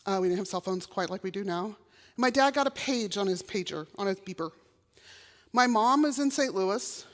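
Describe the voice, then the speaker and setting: A middle-aged woman from Texas, giving a personal testimony in a chapel and acting out the voices she quotes. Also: medium pitch. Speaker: chapel speaker. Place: college chapel. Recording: long reverb of a chapel hall.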